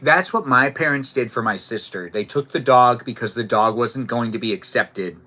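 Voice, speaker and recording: A man's voice: medium pitch, normal speed, bright, forceful tone. A man hosting a casual live stream outdoors, chatting playfully with viewers and reading their comments aloud. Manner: playful, jokey, talks to chat by name, barks and giggles on request. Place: outdoors, cold evening.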